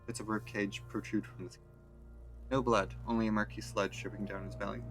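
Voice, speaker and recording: Low gravelly streamer reading game text. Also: male voice, a little fast, faint music behind. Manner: deadpan, wry asides. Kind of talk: reading game text aloud while playing.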